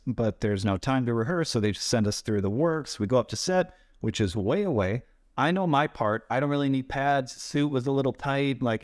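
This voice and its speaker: Animated storytelling man, dry sound. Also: medium pitch, no echo. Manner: animated anecdotes, acts out quoted voices. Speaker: stuntman guest. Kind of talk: casual storytelling interview.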